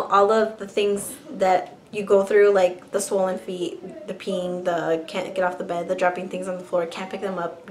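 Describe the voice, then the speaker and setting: A woman's voice: medium pitch, slight background noise. A young woman vlogger casually telling a personal story to camera, chatty and full of fillers. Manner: chatty, many likes and ums, restarts.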